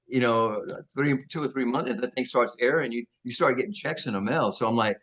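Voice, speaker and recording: A man in his sixties with a Southern American accent tells stories in an interview at an ordinary middle pitch. His manner is folksy and full of laughs. He acts out the other people in his stories. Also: brisk, fairly bright tone. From Georgia, USA. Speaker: interview guest. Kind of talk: casual storytelling.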